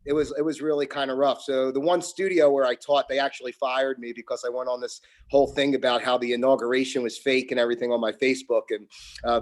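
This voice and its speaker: A man from New Jersey with an American accent, a guest chatting casually on a video call, rambling and correcting himself. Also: medium pitch. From New Jersey, near Philadelphia. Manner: rambling, self-correcting, chuckles. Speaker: guest, yoga teacher.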